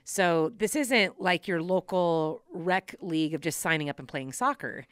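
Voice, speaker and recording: A woman hosting a podcast, telling personal stories in a casual, animated way and laughing often. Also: fairly low pitch, unhurried, smooth, no room sound, studio quality. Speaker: podcast host. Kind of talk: casual storytelling chat.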